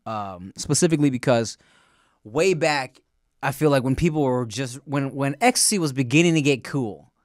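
A man's voice: mid-range voice, lively intonation, moderate pace, no echo, clean studio sound. A man co-hosting a podcast, laid-back and chatty, with slang and many fillers. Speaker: podcast co-host. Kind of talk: casual chat.

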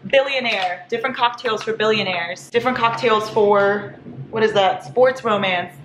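A woman vlogging a casual haul, gushing and excitable, squealing over each item. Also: mid-range voice, moderate pace. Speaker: book vlogger. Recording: echoey room with faint hiss.

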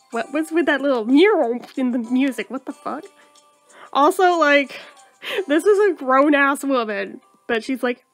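A woman riffing on a game as she plays, sarcastic and profane, with a high voice. She mocks the game freely and laughs a lot. Faint game music plays behind her. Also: lively intonation, a little slow. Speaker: gaming video host. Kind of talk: let's play commentary.

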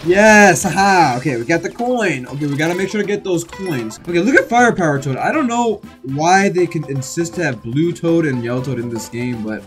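A young man hosts a let's play, chatting and exclaiming as he plays. His pitch swings up and down, and soft game music runs underneath. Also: lively intonation, a little fast, few pauses. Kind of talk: casual gameplay commentary.

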